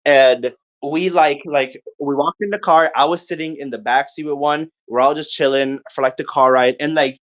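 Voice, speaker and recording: Chatting casually on a podcast, this young man has a highish voice and relates a long party anecdote with plenty of swearing and energy, playing his friends' parts in quick bursts. The recording's highs are cut off.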